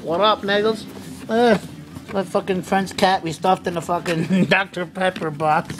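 A woman filming a friend's cat, talking casually with lots of swearing, giggling and squeaky baby talk aimed at the pet. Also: takes it slowly. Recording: noisy home video.

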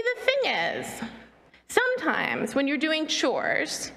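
High-voiced woman telling a church story. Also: in a large hall. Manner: gently animated, asks listeners questions.

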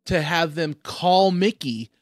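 A man hosting a casual comedy podcast, talking in an animated, rambling way and slipping into impressions. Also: a little high, slow pace, no echo, studio quality. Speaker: podcast host.

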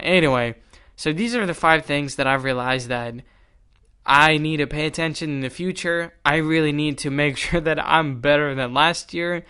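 A young man hosting a solo podcast, telling stories in an animated, exasperated way. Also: a little high, moderate pace, smooth. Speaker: podcast host.

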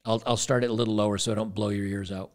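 A man's voice: fairly low pitch, flat delivery, very fast, darkish tone, a little hiss or hum. A man hosting a casual reaction commentary, rambling and repeating words, with sarcastic asides. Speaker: commentary channel host.

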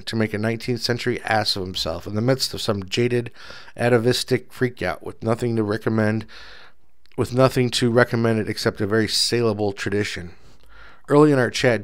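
A man narrating a first-person story as an audiobook in a dry, measured, low-key voice.

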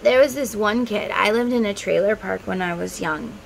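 Close to tears, a woman in her thirties who makes tarot content talks to her viewers in a casual, heartfelt, rambling way. Her medium-pitched voice is creaky and moves at a moderate pace, in a low-quality recording with slight background noise.

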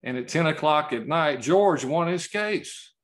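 Slow-speaking man telling a courtroom story. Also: fairly high pitch, lively intonation. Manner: slow storytelling, halting, choked up at times. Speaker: award recipient. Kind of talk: emotional acceptance speech. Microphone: video call.

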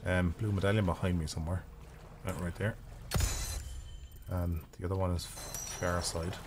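A man's voice: low-pitched, little pitch movement, normal speed, heavy background noise. A man streaming a video game, giving casual, profane and rambling commentary with jokes as he plays. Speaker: gaming streamer.

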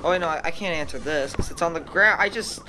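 A male gaming YouTuber giving excitable let's-play commentary, often shrieking and laughing at the game. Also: a little high, fast, a little hiss or hum. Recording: game music playing loudly behind. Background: game music and sirens.

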